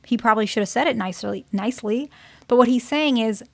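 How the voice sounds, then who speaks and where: A woman's voice: a little high, quick pace, gravelly, a little mellow, no echo. A woman therapist giving relationship advice in a casual, conversational way, often checking in with "okay?" and "right?". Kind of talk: casual advice talk to her channel's viewers.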